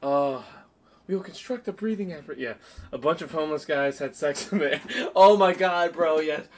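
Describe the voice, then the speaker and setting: A young man on a casual podcast, animated and laughing often as he acts out movie lines in loud, excited voices. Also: on the high side, normal speed, slight background noise. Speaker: podcast co-host. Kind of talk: casual chat, acting out movie quotes.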